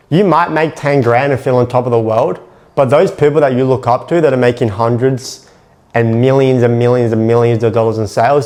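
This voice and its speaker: A man's voice: medium pitch, a little mellow. A man coaching sales in a blunt, profane, emphatic monologue.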